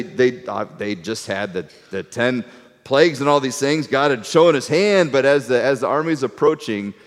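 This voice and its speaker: Middle-aged man teaching in a reverberant hall. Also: medium pitch. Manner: animated storyteller, often repeats words. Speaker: Bible teacher. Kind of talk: conversational sermon with a map.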